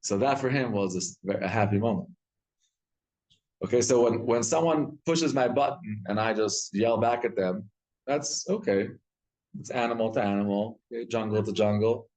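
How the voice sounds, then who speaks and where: A man's voice: lowish voice, normal speed, a little mellow. A male rabbi gives a live Torah class in a synagogue study hall. He tells stories with animation and often repeats and restarts his words.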